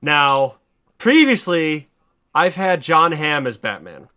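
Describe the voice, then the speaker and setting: Bright-voiced man pitching a story excitedly. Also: takes it slowly. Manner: excited retelling, casual swearing. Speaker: podcast host. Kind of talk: casual chat, pitching a story.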